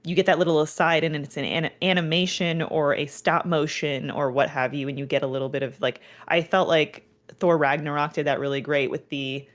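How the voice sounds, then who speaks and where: A woman's voice: sits low, fairly even intonation, brisk, hardly any pauses. A young adult woman co-hosting a casual chat about a TV show, speaking enthusiastically and searching for words with fillers. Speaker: podcast co-host. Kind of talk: casual chat recapping a TV episode.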